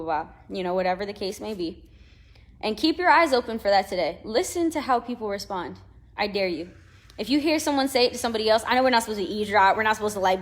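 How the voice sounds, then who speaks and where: Young woman giving a casual pep talk, chatty, lively, does little voices for people. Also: mid-range voice. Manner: chatty and animated, acts out quoted voices, laughs often. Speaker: motivational session host.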